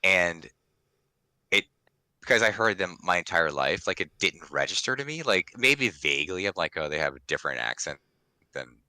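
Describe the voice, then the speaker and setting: A man's voice: low-pitched, animated, normal speed, bright, forceful tone, no echo, poor audio. A man from Washington, D.C. co-hosting a casual podcast, telling stories with lots of fillers. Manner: chatty storyteller, many fillers. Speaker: podcast co-host.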